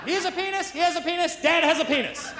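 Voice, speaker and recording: A man doing a shrill accusatory little girl. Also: fast. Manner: shouting and pointing things out. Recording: live stage with hall reverb and audience noise.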